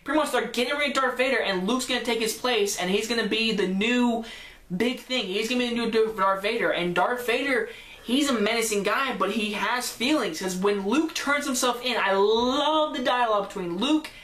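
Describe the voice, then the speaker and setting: A woman's voice: a little high, moderate pace, fairly bright tone, reverberant. A woman giving a casual, gushing movie recap, rambling and often trailing off with a dismissive "whatever". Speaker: movie reviewer.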